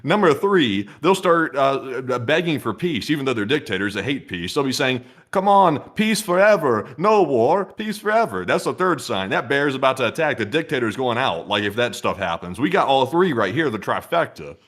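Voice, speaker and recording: A man co-hosting a loose comedy chat, building long wry riffs in a mid-pitched, easygoing voice. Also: sing-song, brisk, hardly any pauses, a bit bright. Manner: rambling, wry riffing. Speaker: co-host.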